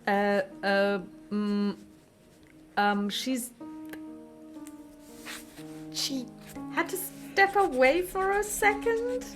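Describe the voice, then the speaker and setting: A woman's voice: high voice, very slow, long pauses, soft background music, voice pushed up. Woman playing Snow White as a snippy clerk. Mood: flustered. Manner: fretful, snippy, officious. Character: fussy, harried female bureaucrat princess.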